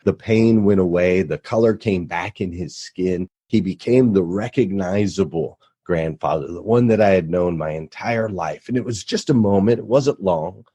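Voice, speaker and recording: Man, very low voice, husky, earnest motivational storyteller, podcast guest. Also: moderate pace, hardly any pauses, mellow. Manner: earnest motivational storyteller, rises into emphatic preaching. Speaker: radio show host, podcast guest.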